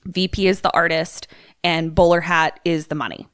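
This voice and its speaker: Lower-voiced woman podcast co-host, casual and giggly, rambling through a film plot. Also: moderate pace, smooth, no echo, studio quality. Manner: giggly, rambling, animated storytelling. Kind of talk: casual comedic movie recap.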